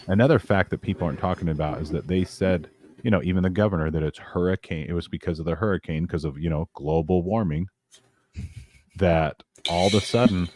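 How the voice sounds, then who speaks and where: A man's voice: deep voice, very noisy. A man talking as a guest on a casual podcast, rambling with many restarts.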